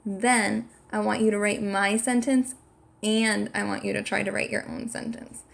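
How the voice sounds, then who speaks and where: A woman's voice: mid-range voice, flat delivery, normal speed, creaky. A woman teaching a sight-word lesson to young children, encouraging them and spelling each word out letter by letter. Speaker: kindergarten teacher. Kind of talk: slow, clear classroom instruction.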